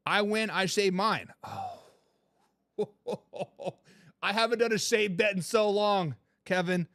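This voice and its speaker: A man with a fairly high voice hosts a casual sports talk stream, reading viewer comments aloud and answering them in a relaxed, chatty way. He laughs easily and leans on the same stock phrases. The sound is close and dry, with no room echo. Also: moderate pace. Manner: laid-back, laughing often, repeats catchphrases. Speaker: sports talk show host.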